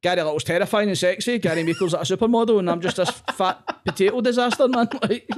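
A man's voice: high voice, fast talker, hardly any pauses. A man with a Glasgow accent, a comedian chatting as a podcast guest, sweary and self-mocking. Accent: Glaswegian. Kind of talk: casual podcast chat.

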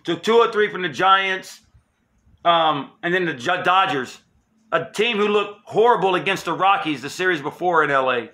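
Male sports vlogger, high bright voice, heated emphatic rant with profanity. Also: lively intonation, normal speed. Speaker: sports channel host. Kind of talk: angry fan rant.

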